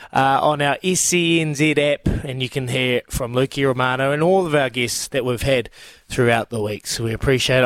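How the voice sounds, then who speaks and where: A man's voice: medium pitch, a bit bright, no room sound. A man co-hosting a sports radio show in casual, blokey banter, laughing often.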